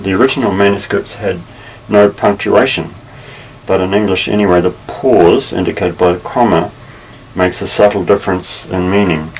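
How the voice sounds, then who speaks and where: A man teaching a Bible lesson, measured and careful, pausing often with fillers as he explains. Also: sits low, steady tone. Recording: slightly distant mic with faint ambient noise.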